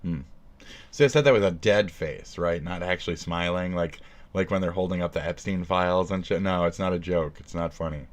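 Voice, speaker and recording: A man livestreaming a profane, sarcastic rant, jumping from loud outbursts to low mumbles. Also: a little fast. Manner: profane, sarcastic, swings between shouting and mumbling. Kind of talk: casual stream rant.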